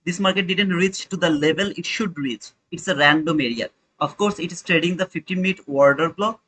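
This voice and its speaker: A man's voice: on the high side, fairly quick, sharp tone, low-quality recording. A young man hosting a live trading stream, talking informally to his chat and repeating his points. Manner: informal, repetitive, talks to chat viewers. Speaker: trading livestream host.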